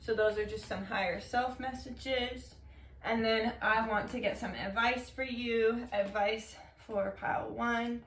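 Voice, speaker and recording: A woman's voice: fairly high pitch, fairly even intonation, measured pace, a bit bright, a little hiss or hum. A woman giving a casual tarot reading to camera, talking loosely with lots of filler words and casual swearing. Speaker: tarot reader. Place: room, seated on the floor. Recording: echoey room, mic at a distance.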